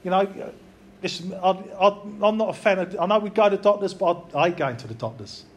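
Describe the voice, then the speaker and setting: A man's voice: high voice, brisk. A man preaching an informal, earnest sermon, talking plainly and repeating phrases for emphasis. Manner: earnest, repetitive, conversational preaching.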